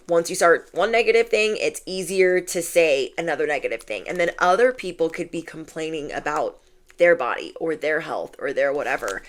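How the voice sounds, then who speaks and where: A woman giving a casual spiritual reading, chatty and affirming, often saying "like". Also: deep voice. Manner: chatty and affirming, heavy use of "like". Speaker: intuitive card reader.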